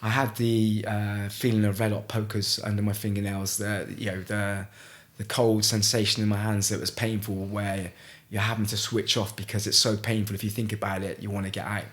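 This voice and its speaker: A middle-aged man from Gloucester, telling a story as a podcast guest in a halting way, with frequent restarts. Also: fairly low pitch, little pitch movement, a bit bright. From Gloucester, England. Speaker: guest, ice swimmer. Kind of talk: casual storytelling in a podcast interview.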